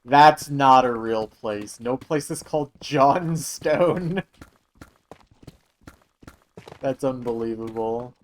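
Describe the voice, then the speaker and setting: A man's voice: mid-range voice, slow, pauses often, slight background noise, low-quality recording. A young man from Michigan, chatting casually and joking with his live-stream viewers. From Michigan, USA. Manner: chatty, joking, answering chat.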